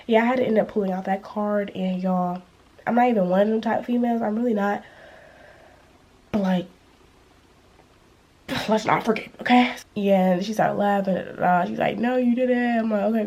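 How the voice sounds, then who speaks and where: Husky young woman telling a storytime. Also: mid-range voice. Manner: animated, slangy storytelling, acting out quotes. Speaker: vlogger. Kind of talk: storytime vlog.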